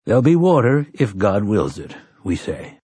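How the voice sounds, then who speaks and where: A man voicing a grim, terse gunslinger who speaks low and stern. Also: very animated, moderate pace, dark tone, husky, no room sound.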